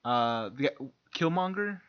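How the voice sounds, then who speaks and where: A man's voice: mid-range voice, expressive, measured pace, clear, resonant tone. A young man co-hosting a podcast in casual chat, laughing along and restarting his sentences. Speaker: podcast co-host. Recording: dull lo-fi mic that keeps cutting out.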